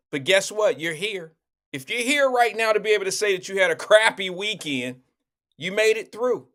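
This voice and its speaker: A man with a high voice hosts a live online talk show. He chats loosely with viewers, repeats his questions and speaks into his own microphone. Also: sharp tone. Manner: loose, repetitive, talks straight to viewers. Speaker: livestream show host. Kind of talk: casual live-stream chat.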